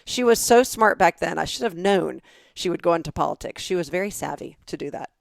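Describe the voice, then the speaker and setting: A middle-aged woman from the southern United States co-hosting a podcast, telling stories in a lively chatty way and acting out the voices she quotes. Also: fairly low pitch, a little fast, vocal fry, no room sound. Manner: animated storyteller, acts out quoted voices. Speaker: podcast co-host. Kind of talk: casual chat.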